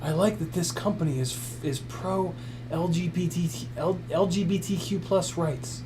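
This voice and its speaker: A man playing a clueless, oblivious gadget reviewer who talks about a product in a silly, mock-naive way. He sounds like he knows nothing and takes things at face value. His voice sits a little high for a man. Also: background noise, lightly acted.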